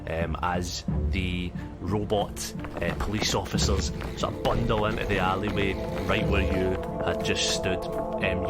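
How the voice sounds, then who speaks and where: A man with a Scottish accent running a tabletop game as game master, talking in a hesitant way full of ums. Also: low voice. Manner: hesitant, lots of ums and sort-ofs. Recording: music bed behind voice.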